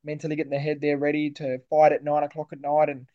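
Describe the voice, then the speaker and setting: An Australian boxer talks fast in a slightly high voice during an interview, the audio sounding dull. Relaxed and confident, he chats casually and calls his host mate.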